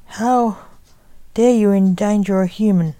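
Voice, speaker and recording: A woman's voice: medium pitch, unhurried, mellow, no room sound, close to an everyday voice. A woman voicing an accusing vampire man in a read-aloud story.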